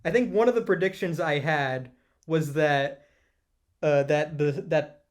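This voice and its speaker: A man's voice: fairly high pitch, measured pace. A man guesting on a casual film discussion, blunt and chatty with hesitant fillers. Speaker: guest co-host.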